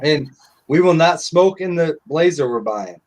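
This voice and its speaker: A man's voice: fairly high pitch, expressive, measured pace, a little mellow. A middle-aged man telling stories in casual live-stream chat, blunt and profane.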